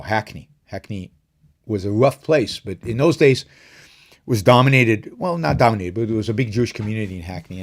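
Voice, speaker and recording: Hosting a live stream, this middle-aged man talks loosely and meanders, using fillers and starting sentences over. His tone is darkish, and his pitch rises when he drives a point home.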